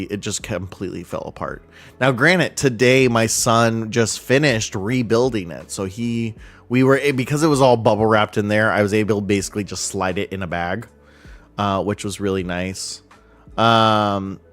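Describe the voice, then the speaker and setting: A man in his thirties chatting casually on a live stream, heartfelt and halting, with frequent fillers and restarts. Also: on the low side.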